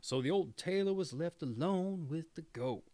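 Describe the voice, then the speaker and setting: A man reading a fairy tale aloud in an expressive, theatrical storytelling manner. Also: on the high side, moderate pace, dry recording.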